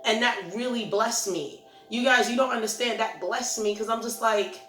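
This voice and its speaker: Talking to camera in a casual, encouraging way, a Christian ministry channel host turns earnest, rambling, and self-reflective. Her voice runs on the high side, bright and forceful, at a moderate pace. The recording carries a roomy echo with faint music underneath.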